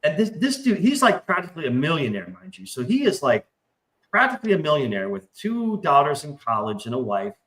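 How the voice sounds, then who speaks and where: A man chats casually, spinning loose, profane stories and slipping into the voices of people he quotes. His voice is bright and forceful, and the roomy echo of a stream call sits around it. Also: fairly high pitch, fairly quick. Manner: profane, rambling storyteller; animated, acts out quoted voices. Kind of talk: casual chat. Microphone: remote stream call mic.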